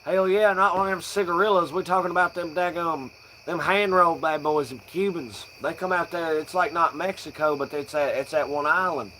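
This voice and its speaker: A man's voice: fairly high pitch, fairly quick, bright, forceful tone, a little hiss or hum, pitched above the performer's own voice. A man voicing a boastful Southern country man with a put-on Southern drawl. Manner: drawling, rowdy, swaggering.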